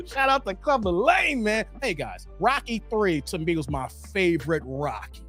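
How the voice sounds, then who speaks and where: A man around forty hosting a casual livestream, slangy and animated, laughing and chatting with viewers. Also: sits high, slow, faint music behind. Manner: animated, slangy, laughs often, chats with the chat. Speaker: livestream host. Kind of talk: casual livestream chat reading viewer comments.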